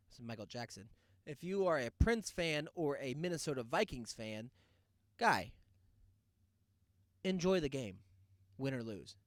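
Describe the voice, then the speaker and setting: Male host, sarcastic loud ranter, fairly high voice, dry close mic. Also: no echo. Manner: loud, sarcastic rants with laughs. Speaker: podcast host. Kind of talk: casual solo rant.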